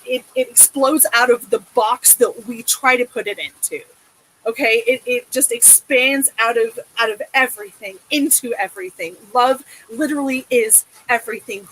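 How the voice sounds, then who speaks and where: A woman's voice: on the high side, fairly bright tone, slight background noise, low-quality recording. A woman giving a tarot reading in a casual, emotive way, swearing often and checking in with a soothing "okay?". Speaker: tarot reader.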